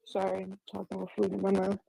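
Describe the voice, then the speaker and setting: A chatty woman on a casual livestream who keeps asking quick questions. Her voice is gravelly and husky, and it is recorded dry and close. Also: mid-range voice, completely flat delivery, dark tone, no room sound, low-quality recording. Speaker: livestream guest.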